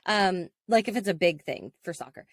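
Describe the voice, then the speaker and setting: A woman, co-hosting a podcast as a casual, animated storyteller who laughs often. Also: fairly low pitch, moderate pace, dry recording, studio quality. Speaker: podcast co-host. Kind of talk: casual chat.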